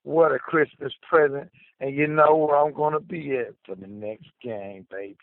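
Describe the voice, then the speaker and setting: A man's voice: medium pitch, steady tone, normal speed, dry recording. A man calling in to a fan radio show, passionate and profane, repeating his lines like chants. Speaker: caller. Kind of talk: fired-up fan call-in. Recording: tinny phone line.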